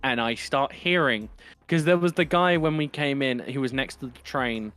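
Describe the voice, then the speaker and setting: A man's voice: medium pitch, moderate pace, a bit bright, clean tone, faint music behind. A young man from London with an East End accent, chatting casually on a podcast in a rambling, profane way with lots of ums and restarts. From England. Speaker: podcast co-host. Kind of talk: casual chat.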